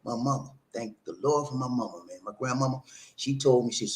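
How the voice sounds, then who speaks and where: A man's voice: mid-range voice, brisk. Middle-aged guy telling a story to his viewers, emphatic, laughs at himself. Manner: emphatic, keeps saying "man", laughs at himself. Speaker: vlog host.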